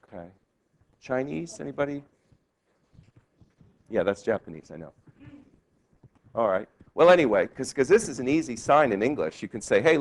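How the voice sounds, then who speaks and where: A male law professor giving a classroom lecture, lively and quizzing his students with questions. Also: mid-range voice. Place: law school lecture hall.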